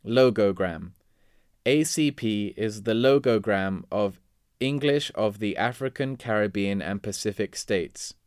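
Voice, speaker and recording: A man reading vocabulary words and example sentences in a measured, deliberate way. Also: on the low side, darkish tone, smooth, dry recording, clean studio sound. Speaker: vocabulary reader.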